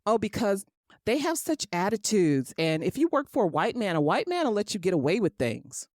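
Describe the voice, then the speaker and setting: A woman's voice: medium pitch, sing-song, a little fast, a little mellow, dry recording, studio quality. A middle-aged woman hosting her own podcast, ranting emphatically and with exasperation, swearing freely. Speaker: podcast host. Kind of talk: ranting solo podcast monologue.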